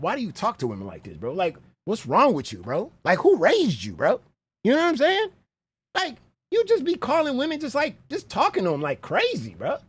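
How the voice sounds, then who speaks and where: A man with a high-pitched, breathy-edged voice gives lively, casual reactions to clips on his stream, speaking directly to viewers. He drops "bro" often, and there's no room sound.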